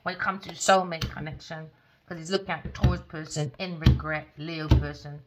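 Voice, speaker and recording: A woman's voice: sits low, flat delivery, normal speed, heavy background noise. A woman doing a tarot reading in a casual, blunt, scolding manner, swearing freely. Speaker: tarot reader.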